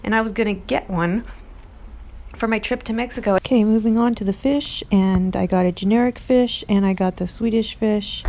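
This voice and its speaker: A woman's voice: mid-range voice, steady tone, normal speed, darkish tone. A woman hosting a casual vlog, talking in a rambling, earnest way and getting defensive toward critics. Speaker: video host.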